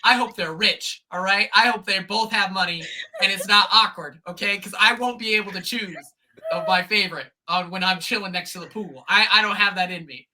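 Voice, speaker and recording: A man guesting on a podcast, talking in an animated, rambling way that often breaks off mid-thought. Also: sits high, fairly quick, slight background noise. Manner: animated, rambling, self-interrupting. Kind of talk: casual chat.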